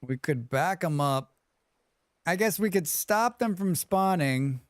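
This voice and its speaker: Man hosting a live game stream, chatty, animated voice, smooth dry close sound. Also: a little high, a little slow, dry recording. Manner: chatty, reads chat aloud and hums to himself. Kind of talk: live gameplay commentary.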